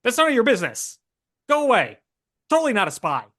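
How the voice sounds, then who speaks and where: Guy putting on a loud old-timey spy, transatlantic accent, high and pushy, keeps stammering what what. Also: huge pitch swings, quick pace, heavily acted. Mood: indignant. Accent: 1950s transatlantic. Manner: loud, stammering, indignant questions. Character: brash 1950s male spy in fedora, defensive blowhard. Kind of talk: comic improv bit on a podcast.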